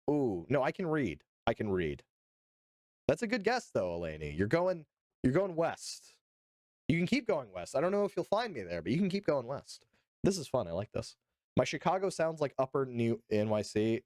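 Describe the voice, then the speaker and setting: Male streamer from Georgia: low, animated, mock-offended banter with viewers, dry close-mic sound. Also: no room sound. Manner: jokey, playfully indignant, addresses chat directly. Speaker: live streamer. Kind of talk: casual live-stream news reaction, chatting with viewers.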